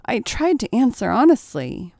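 A woman's voice: a little high, very animated, normal speed, creaky, darkish tone, no room sound, studio quality, voice pushed up, exaggerated voice. A woman voicing a cowed, submissive young man who pleads timidly in a storybook reading. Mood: flustered.

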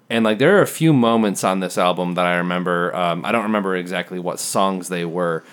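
A man co-hosting a casual music podcast, rambling and filling his talk with "like". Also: deep voice. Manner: rambling, packed with "like" fillers. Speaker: podcast co-host.

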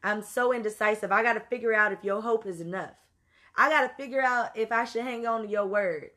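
A woman telling a story in an animated, profane way, moving between loud outbursts and low asides. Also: fairly quick. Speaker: podcast host. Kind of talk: storytelling monologue.

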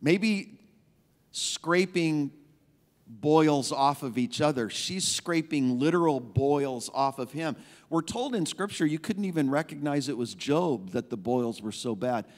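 A male pastor delivering a sermon at an unhurried, measured pace, with a slightly raised voice. He talks conversationally, building emphasis through repetition. Long reverb from a large sanctuary hangs on every line. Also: on the high side, expressive. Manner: conversational, emphatic preaching with repeated phrases.

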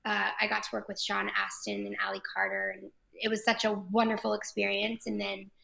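A woman from Texas, an actress guest chatting enthusiastically in an interview, with frequent quick restarts. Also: medium pitch, monotone, creaky, sharp tone. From Texas, USA. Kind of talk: casual interview chat.

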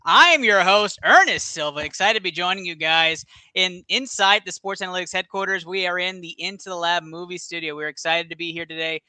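A man hosting a casual sports podcast from a studio, excitable and laughing, with plenty of fillers. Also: high-pitched, fairly quick, few pauses, clean tone, no room sound. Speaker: podcast host.

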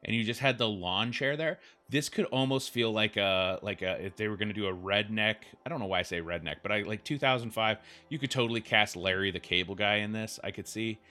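A man's voice: lowish voice, a little fast, hardly any pauses, pushed and bright. A man hosting a podcast, rambling through wry, self-deprecating comedic commentary.

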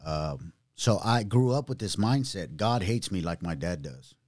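A man sharing his own testimony in casual chat, animated, using street slang and acting out other people's voices. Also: low-pitched, a little slow, dry recording, clean studio sound.

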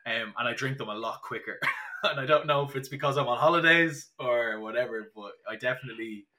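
Young irish guy chatting on a podcast, bright forceful voice, keeps restarting his sentences, lots of "like". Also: mid-range voice, a little fast. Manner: chatty storyteller, many restarts and fillers. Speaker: podcast guest. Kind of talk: casual podcast chat.

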